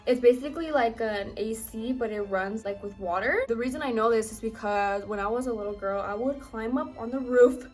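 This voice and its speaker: Bubbly twenty-something woman, fairly high voice, chatty vlogger tone, light music behind. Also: a little mellow. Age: 20s. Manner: bubbly, talks fast and gushes. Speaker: vlogger and home baker. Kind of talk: casual chat to camera.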